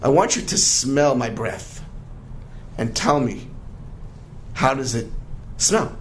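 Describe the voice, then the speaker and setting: A man voicing a proud, short-tempered male lion king in an animated parable told during a Torah class. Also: takes it slowly, a little hiss or hum. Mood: commanding. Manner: booming, commanding, snaps into shouts.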